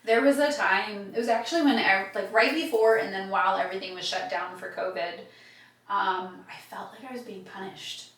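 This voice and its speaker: A woman's voice: mid-range voice, fairly even intonation, normal speed, fairly bright tone. Woman host sharing her story, candid and heartfelt, sounds a bit far from the mic in an echoey room. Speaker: podcast host. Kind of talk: casual faith conversation.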